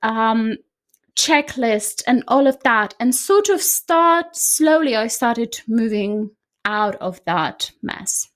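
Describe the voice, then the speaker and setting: A woman with a fairly high voice tells a personal story as a guest in a conversation. She talks in a lively, chatty way and keeps tagging her sentences with "right?". The delivery is informal and unscripted. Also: takes it slowly. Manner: animated, frequently adds "right?". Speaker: decluttering coach guest.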